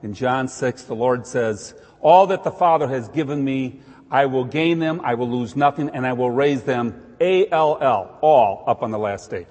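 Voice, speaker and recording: A man's voice: mid-range voice, moderate pace, darkish tone, in a large hall. A man giving informal Bible teaching with a conversational manner, jokey asides and emphatic stresses.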